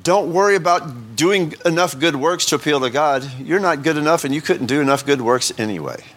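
A male pastor gives an informal, joking sermon, talking conversationally and frequently putting questions to the congregation. His voice is on the high side, a little fast, fairly bright, and husky.

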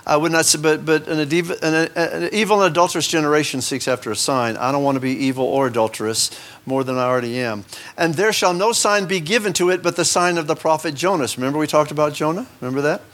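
A man preaches a sermon in a church sanctuary. His voice sits a little on the high side. He swings between soaring, emphatic scripture reading and low, offhand asides. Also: fast, fairly bright tone. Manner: rises in pitch for emphatic scripture passages, drops into asides. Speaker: pastor.

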